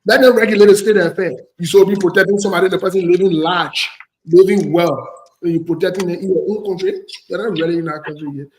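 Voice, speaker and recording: A man's voice: high-pitched, steady tone, fast, echoey room, a little hiss or hum. A man from Liberia with a Liberian English accent, hosting a casual talk show and speaking bluntly, repeating phrases to press his point. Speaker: host.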